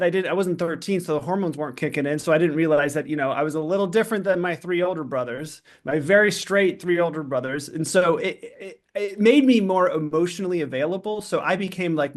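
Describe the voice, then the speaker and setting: Animated middle-aged man telling his story. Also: on the high side. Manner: fast, animated, self-interrupting with many fillers. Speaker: podcast guest. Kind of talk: candid personal storytelling.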